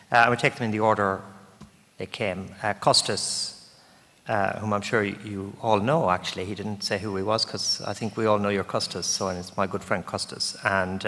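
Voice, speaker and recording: A man from Ireland, a guest lecturer, answering audience questions in a relaxed, anecdotal way, often breaking off and restarting. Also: fairly low pitch. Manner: relaxed, anecdotal, self-interrupting. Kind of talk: conversational lecture Q&A reply. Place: large lecture hall. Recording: long reverb of a big hall.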